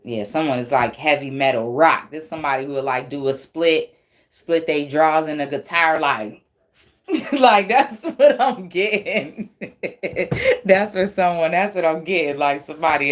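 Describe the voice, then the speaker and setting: A woman's voice: deep voice, brisk. A woman giving a casual tarot reading, blunt and profane, laughing often as she talks. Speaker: tarot reader.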